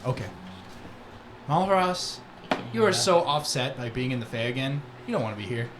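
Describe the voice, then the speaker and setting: A man's voice: mid-range voice, animated, moderate pace, a loud crowd. A man narrating as game master, rambling with many "like"s and "kind of"s. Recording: echoey room with background noise.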